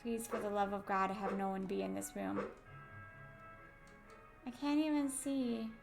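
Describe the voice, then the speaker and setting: A woman's voice: mid-range voice, steady tone, unhurried, creaky. A woman commentating a horror game let's play, jumpy, laughing and swearing at the scares. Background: game music.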